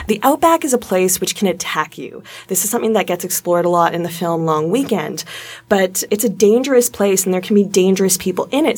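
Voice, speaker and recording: A woman's voice: fairly low pitch, creaky, darkish tone. A woman from Canada, co-hosting a podcast and talking through film history in an analytical way, with mocking asides. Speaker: podcast co-host. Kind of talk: casual film discussion.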